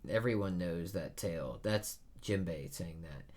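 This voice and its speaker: A young man casually reading a manga chapter aloud and reacting, excitable and often laughing. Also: sits low, unhurried. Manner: excitable, laughs often, jumps into loud bursts.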